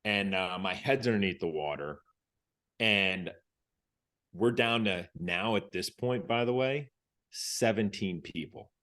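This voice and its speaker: Slow and low, with a fairly bright tone, this former Navy SEAL from the United States spins a tale on a podcast. He keeps it casual, voices other people's words, and starts phrases over.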